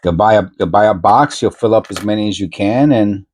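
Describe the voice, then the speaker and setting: A man with a fairly low voice talks off the cuff as he hunts through coins. He rambles, repeats words and corrects himself on the fly, and he breaks into excited asides now and then. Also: fairly quick, breathy edge. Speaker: coin roll hunting channel host. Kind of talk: casual chat while searching coins.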